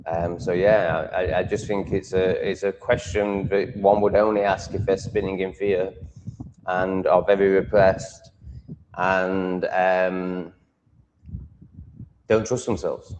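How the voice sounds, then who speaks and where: A man's voice: low voice, flat delivery, takes it slowly, noisy background. An English man hosting a livestream, ranting bluntly and swearing freely as he answers viewer comments. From England. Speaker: livestream host. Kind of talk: live stream chat answering comments.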